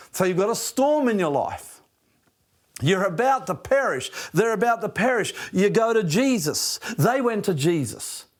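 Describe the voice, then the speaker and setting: Fervent Australian man preaching, highly animated. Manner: passionate, swings from loud emphasis to hushed near-whispers. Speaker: pastor. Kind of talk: sermon.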